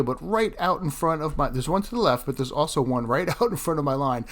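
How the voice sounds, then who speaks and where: A man's voice: a little high, expressive, brisk, few pauses. A man narrating his fishing vlog in a casual, chatty way, often laughing at himself. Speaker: fishing vlogger.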